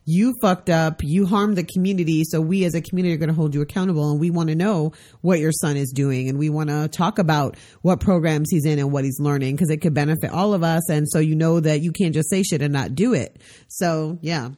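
Lower-voiced woman explaining earnestly. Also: brisk, warm tone. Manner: earnest, explanatory, dry humor. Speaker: podcast co-host. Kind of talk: casual podcast discussion.

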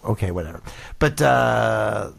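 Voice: mid-range voice, animated, a little slow, creaky. A podcast co-host chatting casually, laughing hard and swearing. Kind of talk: casual chat.

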